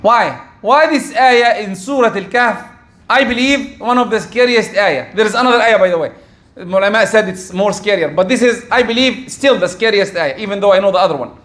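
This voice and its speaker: A man's voice: high voice, brisk, a bit bright. A middle-aged man giving a sermon, asking rhetorical questions and dropping Arabic religious terms into his talk. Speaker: preacher.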